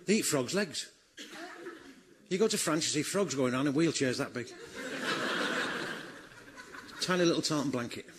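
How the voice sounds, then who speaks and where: A man telling a stand-up routine in a deadpan way, as a guest comedian. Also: a little high, normal speed, pauses often. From Northern England. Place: radio show stage with live audience. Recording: noisy live radio recording.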